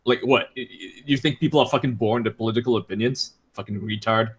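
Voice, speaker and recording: Man, mid-pitched voice, profane, ranting, casual chat. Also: fast talker, breathy edge.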